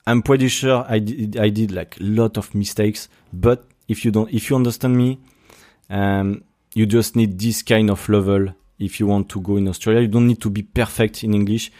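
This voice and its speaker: A man's voice: on the low side, steady tone, normal speed, warm tone. A young man from Brittany with a French accent, hosting a casual solo podcast and talking with many restarts and fillers. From Brittany, France. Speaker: podcast host.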